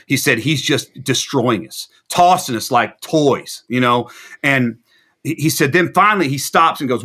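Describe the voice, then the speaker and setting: Guy rambling thru a crazy tour story in an interview, sharp bright voice. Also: fairly high pitch, moderate pace. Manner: rambling anecdotal storyteller, animated quoting. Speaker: musician guest. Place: video interview.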